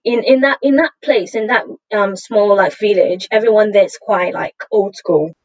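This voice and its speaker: A woman hosting a podcast, telling stories in an animated, chatty way with plenty of fillers. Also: medium pitch, normal speed, dry recording. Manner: animated, chatty storytelling with many fillers and laughs. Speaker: podcast host. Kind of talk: casual chat. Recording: dull, dry lo-fi audio.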